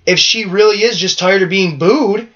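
A man co-hosting a podcast in casual wrestling chat, rambling and animated, swearing freely. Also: high voice, moderate pace, lo-fi sound. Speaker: podcast co-host.

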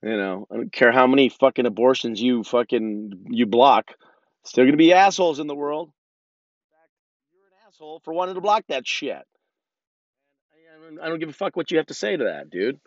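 A man's voice: mid-range voice, lively intonation, moderate pace, long pauses, dry recording. A man in his thirties ranting casually and profanely, rambling with many restarts, in a car. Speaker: vlogger. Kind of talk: casual rant. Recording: dull lo-fi sound.

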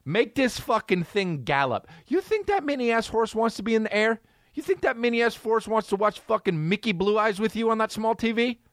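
A man hosting a comedy podcast, ranting in an incredulous, profane, animated way. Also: sits high, normal speed, no echo, studio quality. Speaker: podcast host.

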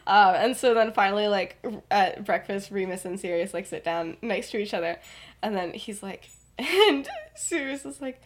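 A woman's voice: mid-range voice, animated, normal speed. A young woman co-hosting a podcast, casually retelling a fan story and acting out the characters' lines, often laughing. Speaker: podcast co-host.

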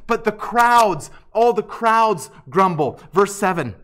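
A man's voice: sits high, lively intonation, a little slow, few pauses, a bit bright. A man preaching an expository sermon, earnest and emphatic, often restarting and repeating words.

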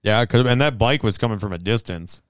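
A man's voice: fairly low pitch, a little fast, dry recording, studio quality. A young man co-hosting a casual podcast chat, telling rambling stories, swearing freely and laughing often. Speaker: podcast co-host.

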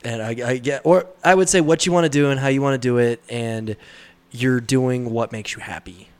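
A young man chatting loosely on a podcast, mid-pitched and easygoing. He jokes around and slips into a louder voice when he quotes a comedian. His talk runs relaxed and unscripted. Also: normal speed, clear, resonant tone. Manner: laughing, loose, acts out comedians' lines in a raised voice. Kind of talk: casual chat.

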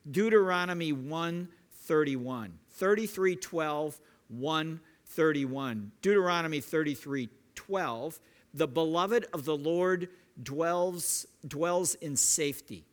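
Slow, earnest male preacher. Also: a little high. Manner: earnest, slow and deliberate, with repeated restarts. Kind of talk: sermon.

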